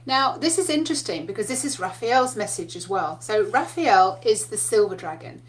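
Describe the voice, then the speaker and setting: A woman's voice: medium pitch, expressive, normal speed. A woman giving a casual spiritual talk, telling stories in a chatty way and laughing often. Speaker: spiritual teacher.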